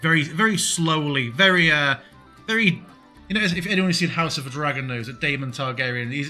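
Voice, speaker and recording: A man's voice: mid-range voice, pushed and bright. A man narrating a tabletop game as game master, descriptive and full of fillers. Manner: descriptive, with frequent fillers and restarts.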